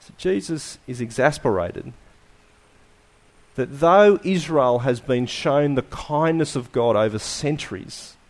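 A male preacher delivering a sermon with a very lively, swinging pitch. He keeps asking his listeners rhetorical questions and lets many phrases sink to soft, quiet endings.

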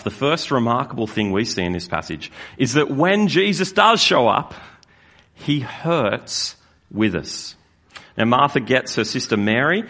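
A man preaching a sermon as a pastor, earnest and slowing down to stress key lines. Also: on the low side, a bit bright. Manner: earnest, with slow emphatic stresses.

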